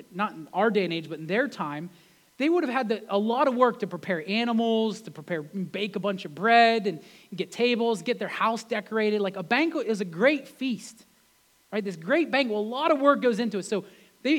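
A pastor with a notably high voice for a man delivers his sermon like a chat. He keeps throwing rhetorical questions at the congregation to keep them with him. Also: expressive, moderate pace. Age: adult with wife and kids. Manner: conversational, peppered with rhetorical questions.

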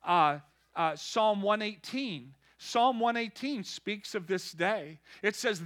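A man preaching a lively sermon, calling out to the congregation and building to shouts. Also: sits high, slow. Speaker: pastor.

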